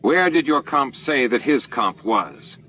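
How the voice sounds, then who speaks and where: A man voicing a stern, sharp-witted male security chief in a fan audiobook, asking questions in a dry, sarcastic way. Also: medium pitch, expressive, measured pace, lo-fi sound, pitched above the performer's own voice, close to an everyday voice.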